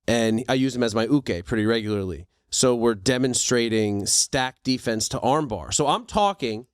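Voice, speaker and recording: A man's voice: mid-range voice, animated, normal speed, clear, resonant tone, no echo, studio quality. A man co-hosting a podcast, laid-back, reacting with groans and jokes. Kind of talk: casual podcast chat.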